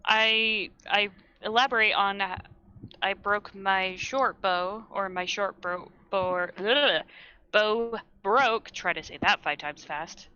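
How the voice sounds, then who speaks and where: A woman's voice: mid-range voice, slow, pushed and bright, clean tone, dull audio. A woman playing a tabletop game in a playful, casual way. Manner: playful, laughs easily. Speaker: player.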